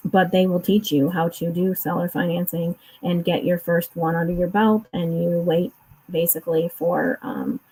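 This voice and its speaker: A woman's voice: fairly low pitch, level tone, moderate pace, mellow, husky, low-quality recording. A woman chatting casually on a remote call, explaining finance at length with frequent restarts and fillers. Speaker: co-host discussing a court case.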